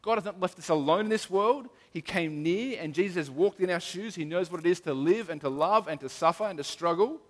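A man's voice: high-pitched, fairly quick, hardly any pauses. A middle-aged man preaching an earnest, emphatic sermon as a pastor, often restarting his sentences. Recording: long hall reverb.

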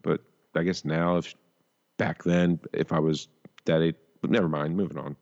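This podcast co-host has a low voice and a flat delivery at normal speed, sounding slightly mellow with the top end clipped. In crude, casual banter he wanders through old memories, cursing and leaving sentences half-finished.

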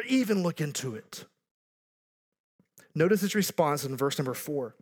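A man's voice: high voice, measured pace. A pastor in his thirties or forties preaching a sermon earnestly, building to emphatic repeated lines with joking asides.

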